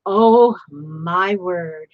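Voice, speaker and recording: A woman's voice: fairly low pitch, very slow, no room sound, narrow, tinny audio. An older woman chatting casually while opening happy mail, gushing and exclaiming often. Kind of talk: casual live-stream chat.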